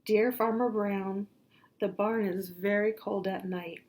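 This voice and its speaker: A woman's voice: medium pitch, steady tone, slow pace, a little mellow. A woman voicing polite but demanding cows as they write letters in a storybook, read in a prim, formal voice.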